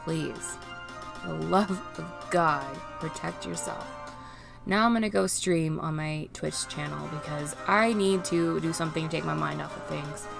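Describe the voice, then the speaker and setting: A woman vlogging unscripted while grieving, near tears, pleading and halting with restarts. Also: low-pitched, creaky, over music. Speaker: streamer and vlogger. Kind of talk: unscripted emotional vlog.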